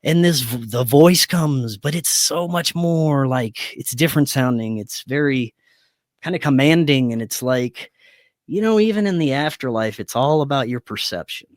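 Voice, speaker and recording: Male podcast guest telling a personal story, animated, voices the dialogue, dead dry room. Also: medium pitch, normal speed, no echo. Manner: animated, acts out quoted dialogue. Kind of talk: casual storytelling.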